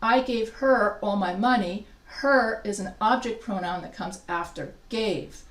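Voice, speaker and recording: A woman's voice: medium pitch, a little slow. A woman instructor giving a live grammar lesson, explaining step by step and quizzing her students. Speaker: writing instructor. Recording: echoey classroom from a distance.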